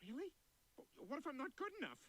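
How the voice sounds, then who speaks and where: An actor playing a bumbling, dim-witted middle-aged cartoon dad who rambles in a goofy, self-pitying way. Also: male voice, very high-pitched, huge pitch swings, fast talker, sharp tone, heavily acted. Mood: eager.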